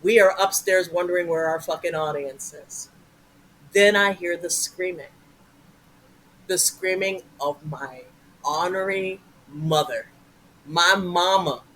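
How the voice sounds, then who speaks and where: A woman guest telling stories in a casual interview, animated and profane, acting out voices. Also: deep voice, a little hiss or hum, rough recording.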